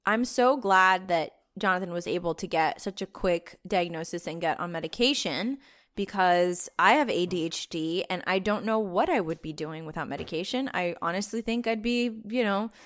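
A woman co-hosting a podcast, chatting in a giggly, lively way. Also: fairly low pitch, normal speed. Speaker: podcast co-host. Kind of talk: casual chat.

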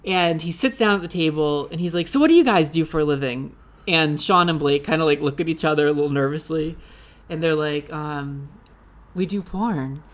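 A man's voice: on the high side, brisk. A man who works as a filmmaker, chatting casually and telling stories with lots of giggles. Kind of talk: casual podcast chat.

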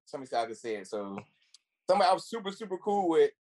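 A man in casual podcast chat, telling personal stories quickly. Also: a little high, big pitch swings, darkish tone.

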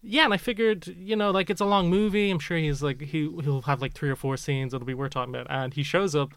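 A man's voice: a little high, steady tone, fast talker, fairly bright tone, clean tone, dry recording. A man co-hosting a podcast, talking casually and at length, often breaking into laughter. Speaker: podcast co-host.

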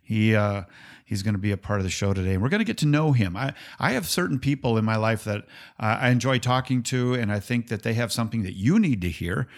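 A man's voice: on the low side, expressive, fast. A man hosting an interview show in an easygoing, chatty way. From Minnesota. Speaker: host. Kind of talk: casual interview chat.

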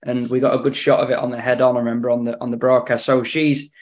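A man's voice: medium pitch, little pitch movement, quick pace, a little mellow. Man chatting horse racing tips. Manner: hesitant, repeats words, dry humour. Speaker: racing tipster on betting podcast. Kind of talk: casual podcast chat.

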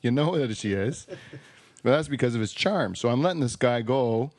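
A man's voice: medium pitch, expressive, moderate pace, darkish tone, dry recording. A man hosting a podcast, telling a rambling, joking story full of restarts in casual chat. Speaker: podcast host.

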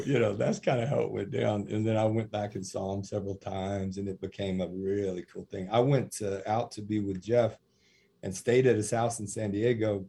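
A man in ministry telling lively stories in a podcast interview, acting out what people said. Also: lowish voice. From USA. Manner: animated storyteller, acts out quotes with laughs. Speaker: prison minister.

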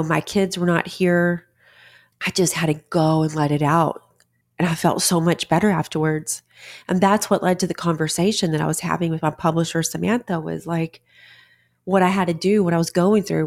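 Earnest woman, lower voice. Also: a little mellow. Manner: earnest, conversational, with many fillers and restarts. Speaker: podcast host, author. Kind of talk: casual monologue.

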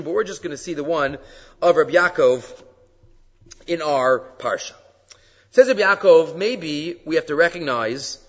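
A man's voice: on the high side, fairly bright tone. A male rabbi gives a Torah lecture. He reads verses, translates them and poses rhetorical questions to his listeners. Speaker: rabbi teaching weekly Torah class. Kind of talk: Torah lecture, explaining sources. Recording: dull lo-fi sound with long reverb.

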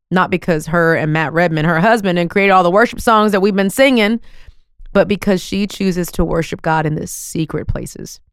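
A woman hosting a podcast in casual chat, telling stories in an effusive, animated way. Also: lowish voice, clear, resonant tone, dry recording, studio quality. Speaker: podcast host.

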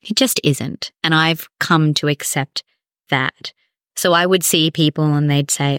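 A woman speaking as a podcast guest, telling a personal story in a candid, animated way. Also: low voice, measured pace, clean tone, dry recording, studio quality. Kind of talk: emotional personal conversation.

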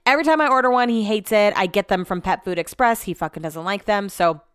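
A woman's voice: mid-range voice, quick pace, smooth, dry recording, clean studio sound. A young adult woman, a radio show host, telling rambling everyday stories in a casual chat, cursing freely as she goes. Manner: rambling, profane storytelling.

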